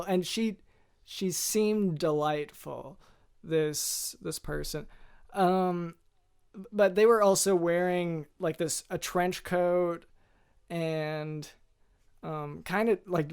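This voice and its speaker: A man hosting a podcast, telling a deadpan comic story in a halting, hesitant way with many restarts. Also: high-pitched, smooth. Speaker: podcast host.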